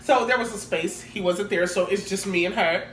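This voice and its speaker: A woman co-hosting a podcast, telling a work story in relaxed casual chat. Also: mid-range voice, moderate pace. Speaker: podcast co-host. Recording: roomy echo, faint noise.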